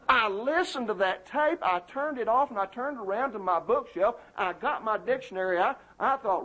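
Indignant preaching man, husky high voice. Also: lively intonation, moderate pace, few pauses, fairly bright tone, dull audio. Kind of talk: sermon.

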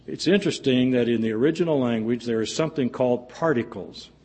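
A man preaching a sermon in a church, rising loud and high in his appeals and dropping soft at the ends of phrases. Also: fast talker, slightly rough.

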